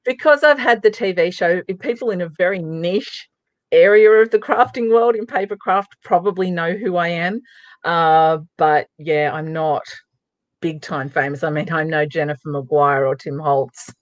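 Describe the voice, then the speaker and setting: A woman's voice: lowish voice, moderate pace, no echo, lo-fi sound. An Australian woman talking as a guest in a casual interview, chatty and upbeat, giving emphatic advice. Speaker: guest, craft presenter.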